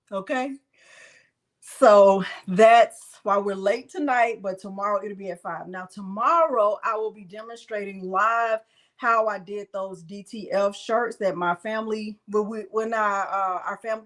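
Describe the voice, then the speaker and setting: A woman's voice: mid-range voice, fairly even intonation, normal speed, a bit bright, poor audio. A woman hosting a casual crafting live stream from home, chatting with viewers and her dog.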